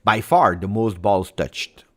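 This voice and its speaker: A man hosting a live football watch-along, talking through the match and going from low muttering to excited shouting. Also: slow pace, breathy edge. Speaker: host.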